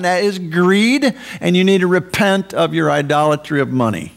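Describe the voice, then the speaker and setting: A man preaching a sermon as pastor, emphatic, rising for stress and dropping low for asides. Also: normal speed, creaky, hardly any pauses.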